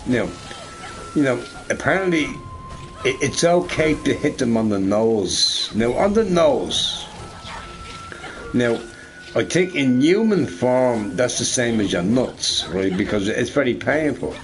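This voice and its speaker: A man's voice: medium pitch, expressive, measured pace, soft background music. A man streaming a game, chatting casually with viewers in a rambling, profane, joking way.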